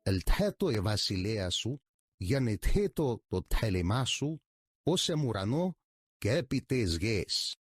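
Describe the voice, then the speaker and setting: Low-voiced man reciting slowly. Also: very animated, soft background music. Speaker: guest reader.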